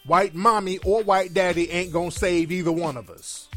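A man's voice: high voice, steady tone, normal speed, a bit bright, faint music behind. A man giving a heated, profane and mocking reaction commentary on video clips.

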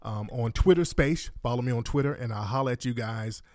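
A man hosting a casual call-in livestream, talking in a calm, laid-back way. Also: medium pitch, brisk, dry recording, studio quality. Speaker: call-in show host.

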